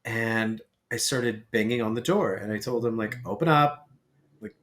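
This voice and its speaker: A man chatting as a podcast guest, telling a story in a lively way and acting out the lines of the people in it. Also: fairly low pitch, normal speed. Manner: animated storyteller who acts out quoted lines.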